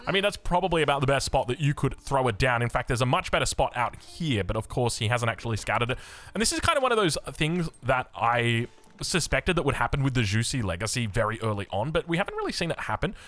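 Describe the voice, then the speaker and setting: A fast-talking young Australian man calling a strategy game, with a voice that leaps up and down as he goes. He chats along easily, drifting into rambling side stories between plays. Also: dry recording. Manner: chatty, rambling asides, lively swings in pitch. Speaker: game caster. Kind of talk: energetic esports commentary.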